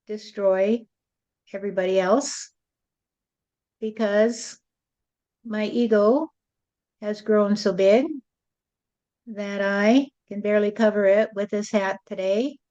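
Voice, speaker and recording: A woman speaking as a spirit medium in a channeled spiritual address, with a slow, rhyming, sing-song preaching delivery. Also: medium pitch, warm tone, muffled recording.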